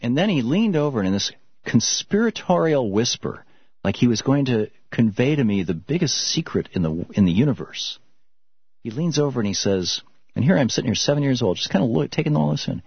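A middle-aged man from Michigan hosting a call-in radio show, telling stories and answering callers in a halting, reflective way. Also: mid-range voice, big pitch swings, slightly rough, no room sound. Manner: reflective storytelling, halting with restarts. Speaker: radio talk show host. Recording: dull muffled radio broadcast.

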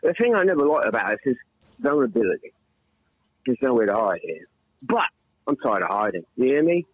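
A man's voice: mid-range voice, big pitch swings, a little fast, slightly rough, no echo, phone-quality sound. A man with an English accent calling in to a radio show, rambling and profane in a theatrical way. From England. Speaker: radio caller. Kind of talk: rambling comic call-in chat.

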